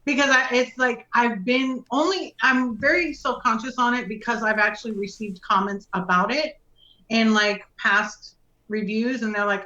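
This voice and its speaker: A woman's voice: fairly high pitch, normal speed, bright, forceful tone, roomy sound, lo-fi sound. A woman chatting casually as a guest on a live stream, talking freely with fillers and frequent laughs. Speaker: guest reviewer.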